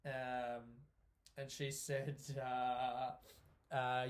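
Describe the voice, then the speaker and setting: A man, a comedian, talking through a casual solo podcast monologue in an animated, sweary way, often laughing. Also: mid-range voice, very slow. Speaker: stand-up comedian hosting his own podcast.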